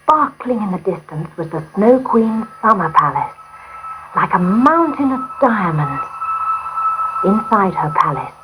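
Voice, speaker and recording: A woman narrating a storybook in a gentle, expressive way. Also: mid-range voice, measured pace, slight background noise, rough recording.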